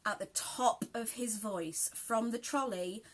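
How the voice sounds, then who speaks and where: A woman's voice: fairly high pitch, takes it slowly. A British woman chatting casually in a rambling way while she sews, with lots of ums and laughs. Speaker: sewing vlogger. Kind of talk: casual chat while sewing.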